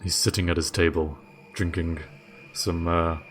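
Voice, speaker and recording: A man narrating a tabletop role-playing game as game master, relaxed and easygoing. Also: sits low, measured pace, faint music behind. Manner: relaxed, laughs often.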